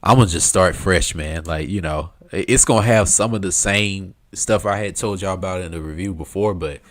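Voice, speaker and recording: Man, game streamer, low voice, rambling casual commentary, lots of fillers. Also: normal speed. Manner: rambling, filler-heavy, laughs easily, swears.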